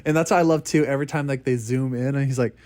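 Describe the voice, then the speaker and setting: A man's voice: mid-range voice, fairly even intonation, fast, a little mellow. A man chatting casually about a movie as co-host, filling his speech with "like" and re-enacting scenes. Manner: heavy "like" filler, re-enacts scenes. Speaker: podcast co-host.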